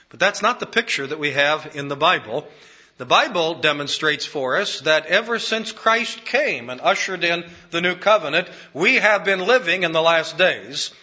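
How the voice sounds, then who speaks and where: A man delivering a sermon, slowing down and repeating key phrases to drive them home. His voice is fairly high for a man and very bright and forceful. The recording is a little muffled and lo-fi. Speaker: preacher.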